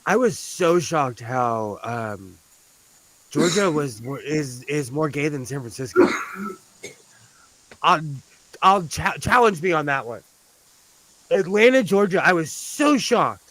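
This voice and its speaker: A man's voice: fairly high pitch, sing-song, takes it slowly, pauses often, fairly bright tone, dry recording, rough recording. A man from California chatting casually on a live stream, rambling through stories and laughing often. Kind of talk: casual chat.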